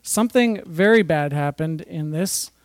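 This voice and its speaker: A man's voice: on the high side, measured pace, no echo. A man giving an informal Bible teaching, reading scripture with chatty, jokey asides. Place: church or fellowship hall.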